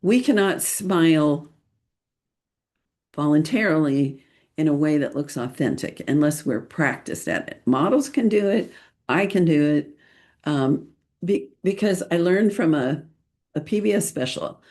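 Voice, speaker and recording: Middle-aged woman host, low gravelly voice, takes her time, playful chatty tips with lots of ums. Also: lively intonation, a little slow, darkish tone. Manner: chatty and playful, laughs often, frequent ums and restarts. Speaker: children's photographer and podcast host. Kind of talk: casual podcast talk, giving tips.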